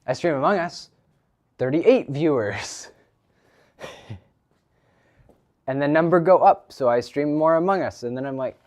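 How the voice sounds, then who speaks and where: A man's voice: fairly high pitch, lively intonation, a little slow, long pauses, a little mellow. A teenage boy chatting casually on a live stream from his garage, rambling with lots of ums and restarts. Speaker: livestreamer. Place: home garage.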